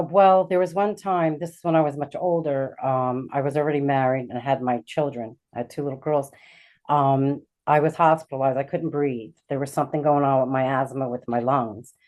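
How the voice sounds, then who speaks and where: Middle-aged woman guest, low mellow voice, halting storyteller. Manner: halting, with many fillers and restarts. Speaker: guest, intuitive healer. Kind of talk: personal storytelling.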